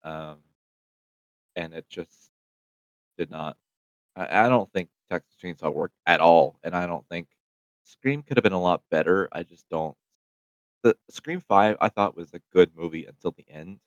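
A man with a very deep voice chats casually on a podcast, giving his opinions in a rambling way with plenty of fillers. The sound is dull and lo-fi, recorded close and dry. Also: unhurried, long pauses, dry recording. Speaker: podcast co-host. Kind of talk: casual chat.

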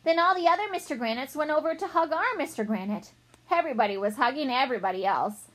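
A woman reading a children's chapter book aloud, expressive and playful. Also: high voice, fast. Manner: expressive, playful character voices. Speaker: reader.

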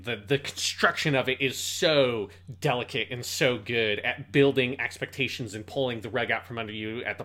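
Man, podcast co-host, bright tone, excitable, rambling, casual chat. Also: medium pitch. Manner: enthusiastic, swearing, rambling with restarts. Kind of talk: casual anime discussion podcast.

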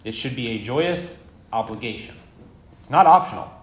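A man preaching a live sermon as pastor, earnest and conversational, with sudden rises in pitch and volume for emphasis. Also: expressive, moderate pace, a little hiss or hum. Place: church sanctuary. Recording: echoey church hall.

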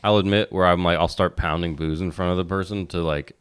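A man's voice: low voice, fairly even intonation, fast talker, smooth. A man co-hosting a podcast in casual chat, blunt and candid, swearing freely. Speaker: podcast co-host.

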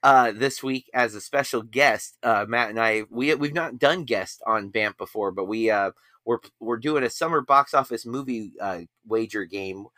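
A man hosts a podcast in loose, rambling chat, often poking fun at himself. His voice is bright and forward. The recording is dry and close, with no room sound. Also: mid-range voice, moderate pace, no echo. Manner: rambling, self-deprecating. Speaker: podcast host. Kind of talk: casual chat.

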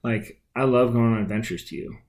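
Young male co-host, soft-spoken and supportive, easygoing chat. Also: medium pitch, fairly even intonation, brisk. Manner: gentle, supportive. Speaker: podcast co-host. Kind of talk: casual chat.

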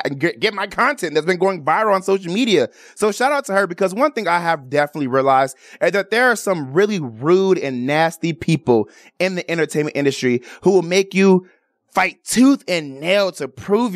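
Man, radio host, high-pitched, chatty, animated, dry recording. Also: dry recording. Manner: animated, chatty, shout-outs. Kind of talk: casual chat.

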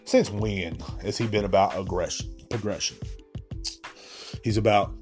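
A man's voice: on the low side, unhurried, over music. A man hosting a podcast, rambling through a casual, profane solo rant. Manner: rambling, profane, laid-back. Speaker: podcast host.

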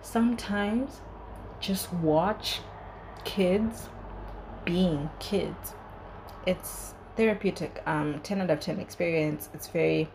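A woman's voice: low-pitched, creaky, a little mellow, slight background noise, poor audio. A young woman hosting a podcast, giving an earnest, chatty solo review full of "like" and "you know". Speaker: podcast host.

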